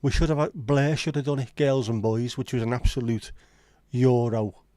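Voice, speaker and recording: A man with a Scouse accent hosts a relaxed livestream chat. His voice is mellow and warm, recorded close and dry. He talks in blunt, sweary banter as he reads and answers comments. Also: mid-range voice, moderate pace, dry recording. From Liverpool, England. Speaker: livestream host. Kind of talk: casual chat reading live comments.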